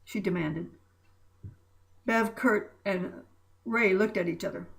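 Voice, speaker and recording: A woman's voice: on the low side, normal speed, creaky, rough recording. A woman narrating a story aloud, reading with small slips and restarts.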